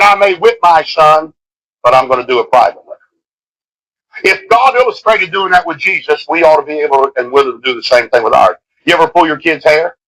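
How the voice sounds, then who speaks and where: A middle-aged preacher man delivers an impassioned sermon, his voice bright and forceful. He swings between loud, driving lines and hushed ones. The sound comes from an old cassette tape of a live service. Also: fairly high pitch, poor audio.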